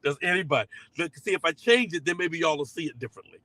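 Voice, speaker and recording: A man's voice: on the high side, animated, fast, sharp tone, no echo, rough recording. Earnest middle-aged preacher man, dry sound. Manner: conversational and emphatic, repeating key phrases; slips into voices when quoting people. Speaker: pastor. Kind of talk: sermon-style teaching to a live online audience.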